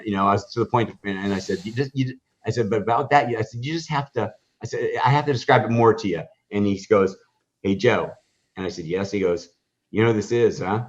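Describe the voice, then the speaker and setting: A man telling a story in a podcast interview, rambling through fillers and restarts and acting out the dialogue. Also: lowish voice. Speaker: guest, hot dog stand owner. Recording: dull lo-fi podcast audio.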